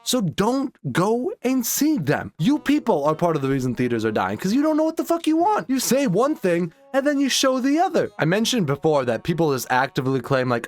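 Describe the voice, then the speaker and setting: A man's voice: a little high, big pitch swings, brisk, few pauses. A young man ranting as a film commentator, exasperated, sarcastic and often profane.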